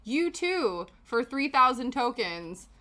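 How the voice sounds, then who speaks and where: Casual streamer woman from Canada, self-mocking and quick to laugh; lively pitch, crisp bright tone. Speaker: livestream host. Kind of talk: casual chat while knitting.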